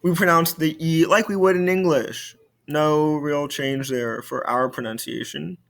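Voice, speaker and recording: A man's voice: on the high side, steady tone, unhurried, vocal fry, a bit bright. A male French teacher giving a recorded video lesson, explaining patiently and repeating key points.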